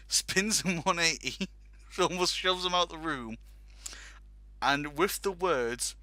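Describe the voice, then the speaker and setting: This time the host sounds a little high with a sharp tone, and the recording has no room sound. He's hosting a casual talk show, spinning a long comic story full of laughter and quotes he acts out.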